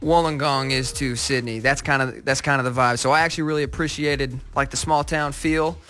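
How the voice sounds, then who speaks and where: A man's voice: mid-range voice, fairly even intonation, brisk, sharp tone, soft background music. A young American man, a pop singer, chatting as a guest in a friendly, rambling way that often corrects itself mid-sentence. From United States. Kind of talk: casual interview chat.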